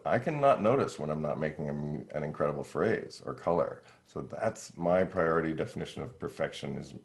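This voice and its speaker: A middle-aged man, a horn player and teacher, answering questions in a relaxed way and acting out his own thoughts with frequent laughs. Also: extremely low pitch. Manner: animated, acts out quoted thoughts, laughs often.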